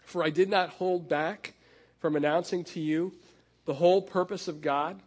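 A middle-aged man preaching a sermon in a conversational way, with fillers and restarts, and slowing down to lean on key phrases. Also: on the high side, fairly even intonation, husky. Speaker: pastor.

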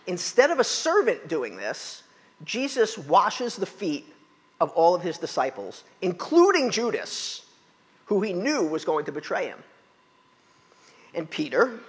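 A fairly high-voiced man preaching a sermon, retelling scripture and acting out its quotes. His voice has a husky edge. It carries a long reverb, as in a large hall. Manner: animated storytelling, acting out quotes.

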